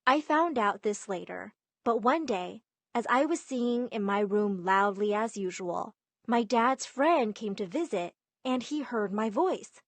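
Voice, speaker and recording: A young woman narrating an animated story in a lively, emphatic way. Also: medium pitch, unhurried, dry recording.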